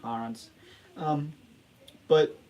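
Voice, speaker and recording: A man's voice: a little high, slow pace, dark tone, a little hiss or hum, poor audio. A man hosting a casual livestream, rambling and joking at his own expense, laughing and restarting often. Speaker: livestream host.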